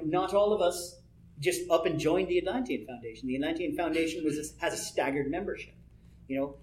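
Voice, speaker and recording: Man, somewhat high voice, casual rambling workshop talk, chuckles and "you know" asides, roomy echo. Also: a little mellow. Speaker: panel speaker on role-play personas. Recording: echoey room.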